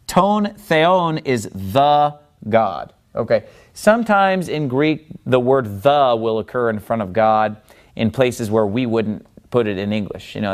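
A man teaching a lesson at a board, in a voice that sits in the middle range. He explains step by step, stops often to check with the listener, and slows down to stress each syllable when he shows how a word sounds. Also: medium pitch. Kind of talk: Bible-language lesson at a board.

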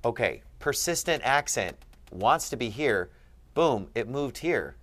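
A man's voice: medium pitch, lively intonation, unhurried, fairly bright tone. A man tutoring a student in Greek grammar, patient and asking leading questions. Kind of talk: one-on-one grammar lesson.

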